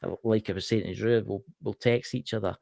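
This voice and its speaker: Gravelly Scottish man chatting. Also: lowish voice, steady tone, fairly quick, warm tone, no room sound, clean studio sound. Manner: rambling, repeats himself. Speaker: co-host. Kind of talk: casual chat. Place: video call.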